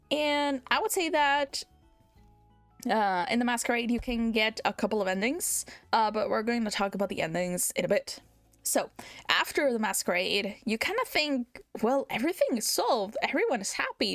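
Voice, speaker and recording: A woman VTuber giving a casual, animated game recap, giggling often and swearing casually. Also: on the high side, no room sound. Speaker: VTuber streamer.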